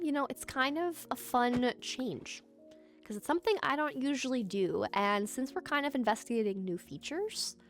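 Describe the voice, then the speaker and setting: A woman giving relaxed, soft-spoken commentary while playing a building game, at times squealing with excitement. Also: on the high side. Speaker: gaming commentator.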